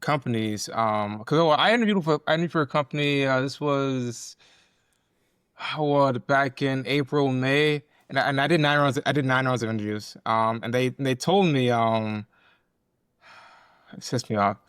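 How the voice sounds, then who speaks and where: A man's voice: medium pitch, normal speed, a bit bright, smooth, no echo, studio quality. Blunt young man in his twenties. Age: 20s. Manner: blunt, rambling, frequent fillers. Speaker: podcast co-host. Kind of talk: casual podcast conversation.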